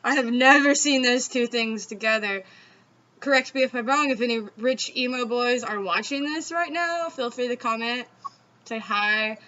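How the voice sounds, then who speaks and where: A woman's voice: fairly high pitch, moderate pace, bright, forceful tone. A woman from the Southeastern United States with a Southern accent, hosting a casual, chatty talk with laughs and free swearing. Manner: chatty, giggly, swears freely. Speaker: host. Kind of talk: casual chat. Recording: dull lo-fi sound.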